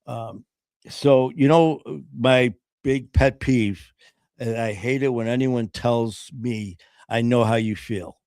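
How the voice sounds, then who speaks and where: Speaking earnestly about his own experiences, this man talks casually but haltingly, stopping often with "um" and starting over. His mid-range voice has a slightly mellow quality, and the close, dry recording carries no echo. He doesn't change his voice for the people he quotes.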